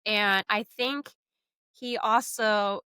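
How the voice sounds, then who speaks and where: Female sports co-host, bright tone, dry close sound, eager and opinionated. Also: mid-range voice, fairly even intonation, extremely slow, clear, resonant tone, dry recording. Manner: enthusiastic, opinionated, talkative. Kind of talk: casual sports chat.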